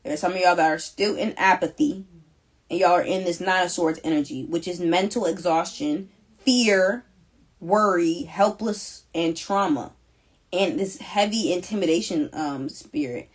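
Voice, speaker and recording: A woman's voice: lowish voice, moderate pace, husky. A young woman doing a live collective tarot reading, talking in an emphatic, slangy, repetitive and emotional way. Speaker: tarot reader.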